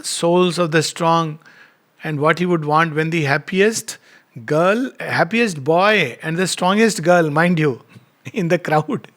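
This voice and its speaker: A man with an Indian English accent giving a spiritual talk, reciting poetry slowly and explaining it with rhetorical questions. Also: on the high side, a bit bright. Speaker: spiritual lecturer.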